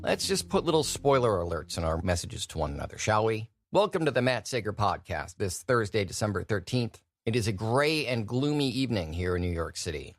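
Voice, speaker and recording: A man hosting his own podcast, telling stories in a wry, animated way. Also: on the low side, fairly quick, hardly any pauses, no echo, faint music behind. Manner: wry, animated storytelling with mocking impressions. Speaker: podcast host. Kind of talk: solo podcast monologue.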